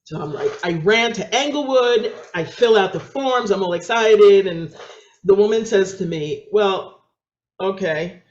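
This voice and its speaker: On an interview show, a New York woman with a darkish, animated voice tells her story a little slowly, bursting into laughter often and performing other people's lines with dramatic pitch leaps. The audio sounds dull, lo-fi and echoey.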